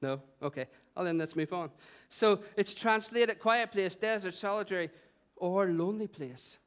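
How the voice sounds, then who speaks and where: A man's voice: sits high, normal speed, a bit bright, clear, resonant tone. A man with a Northern Irish accent preaching a sermon in a church, playful and joking with the congregation. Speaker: pastor. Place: church hall.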